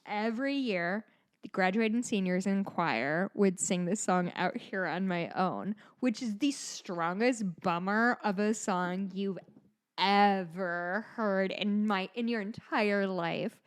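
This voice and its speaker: A woman's voice: mid-range voice, slow, clean tone. Rambling, chatty woman in her thirties. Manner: rambling and chatty, with swearing and self-deprecating asides. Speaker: podcast co-host. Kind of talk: casual chat.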